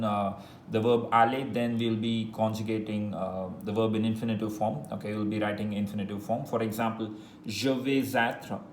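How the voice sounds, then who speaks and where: A man teaching a French lesson in English, patiently repeating phrases slowly and spelling words letter by letter. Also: mid-range voice. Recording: echoey room with faint noise.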